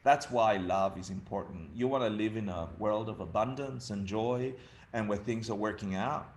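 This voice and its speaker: Fifties guy from argentina doing a funny dharma talk, lowish gravelly voice, laughs a lot. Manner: laughing, storytelling, chatty. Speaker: dharma teacher.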